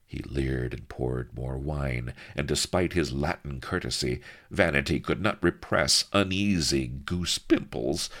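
A man's voice: extremely low pitch, a little slow, few pauses, fairly bright tone. A man narrating a comic adventure story in a wry, theatrical style.

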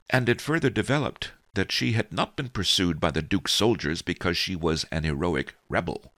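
A man's voice: deep voice, a bit bright, no echo, studio quality, full character voice. A man reading an audiobook, voicing a wily old male storyteller who tells his tale wryly. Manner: wry, sly storytelling. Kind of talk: audiobook character voice.

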